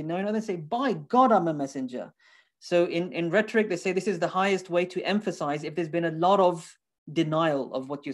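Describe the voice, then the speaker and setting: A man's voice: sits high, darkish tone. A man giving a lecture on the Quran, explaining Arabic words one by one and repeating points earnestly for emphasis. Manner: explains Arabic terms step by step, quotes and translates verses.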